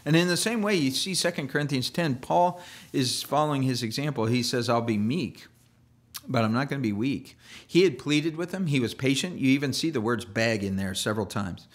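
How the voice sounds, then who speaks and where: A man delivers a sermon from the pulpit in a mid-range voice, neither high nor low. He talks loosely and conversationally, doubling back on his words and dropping in playful asides. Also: brisk. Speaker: pastor.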